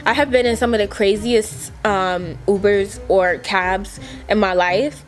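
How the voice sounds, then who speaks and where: A woman's voice: steady tone, measured pace, faint music behind. A young woman vlogger telling a casual story, chatty and profane, full of "like" and acted-out quotes. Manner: chatty, profane, fillers like "like" everywhere; acts out quotes with big jumps in pitch.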